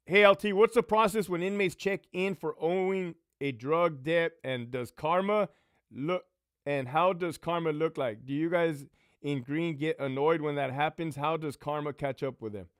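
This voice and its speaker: A man's voice: on the high side, a little slow, clean tone, dry recording, studio quality. A man hosting a casual livestream, a former prison lieutenant answering viewer questions with blunt, profane stories. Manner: profane, blunt, animated storyteller.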